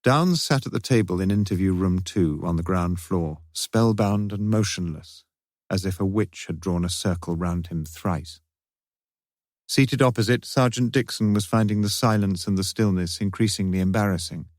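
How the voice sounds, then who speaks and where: A man reading an audiobook detective novel in a measured, wry narration. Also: sits low, a little mellow, dry recording, clean studio sound. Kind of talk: scripted narration.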